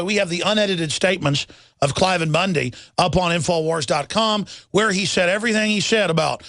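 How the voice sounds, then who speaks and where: A man's voice: high-pitched, a bit bright, no echo. A middle-aged man hosting a talk radio show, delivering an urgent, emphatic monologue and reading headlines aloud.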